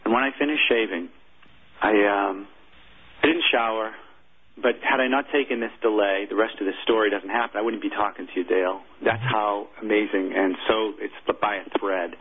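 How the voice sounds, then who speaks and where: A former military chaplain, a man, telling a personal story in an interview, earnest and halting. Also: fairly low pitch, steady tone, breathy edge. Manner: earnest, halting, emotional recounting. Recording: tinny phone-like audio.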